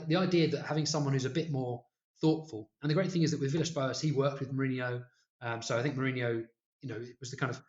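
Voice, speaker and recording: A fast-talking man spins chatty anecdotes as a podcast guest. His voice sits mid-range and comes through muffled, in an echoey room. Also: mid-range voice. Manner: animated anecdotes, quick and chatty. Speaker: guest, football fan. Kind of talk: casual storytelling.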